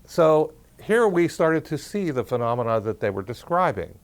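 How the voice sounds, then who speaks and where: A man, a researcher, telling a story in a relaxed conversational talk and acting out the quoted dialogue. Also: medium pitch, normal speed. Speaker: parapsychology researcher.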